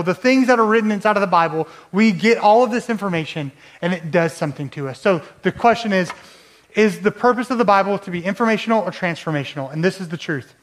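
A man preaching a sermon in a conversational way, often asking the listeners rhetorical questions. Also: high-pitched. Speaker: pastor.

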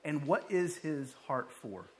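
A male pastor preaching a lively sermon, with joking asides and acted-out quotes. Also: a little high, slow, slight background noise.

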